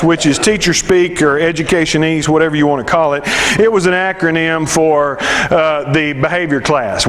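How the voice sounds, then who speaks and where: Male preacher, high voice, chatty sermon delivery that stumbles and restarts, self-mocking asides. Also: a bit bright. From United States. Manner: conversational and self-deprecating, with restarts. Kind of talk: sermon with scripture reading.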